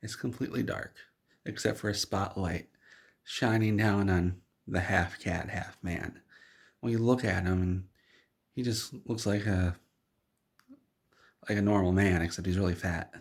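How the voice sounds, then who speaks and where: Deadpan and rambling, he tells an absurd story addressed to "you," going a little slow with frequent pauses. His very low voice carries a gravelly fry and a husky edge.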